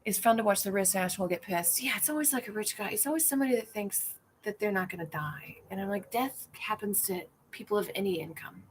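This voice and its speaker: This middle-aged comedian on a livestream talks in an animated, fast, mid-range voice with hardly any pauses, and a little hiss or hum is audible. She rambles casually, reads viewer comments, mocks herself, and acts out the people she quotes.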